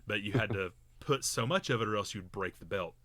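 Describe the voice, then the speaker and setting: A man's voice: fairly low pitch, fairly quick, bright, forceful tone, no room sound. A man co-hosting a podcast, telling a long story in a rambling, casual way with many fillers and restarts. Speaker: podcast co-host.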